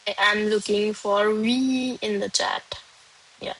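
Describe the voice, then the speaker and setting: A woman's voice: medium pitch, fairly even intonation, slow, a bit bright, husky, poor audio. A woman, not a native French speaker, teaching a live online French class. She switches between English and French and calls on students by name from the chat.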